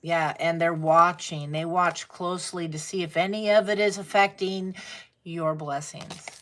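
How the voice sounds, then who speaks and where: Female tarot reader, unhurried delivery, blunt and profane with laughter. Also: fairly low pitch, fairly even intonation, background noise. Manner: blunt, swears freely, laughs while talking. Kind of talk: casual tarot reading talk.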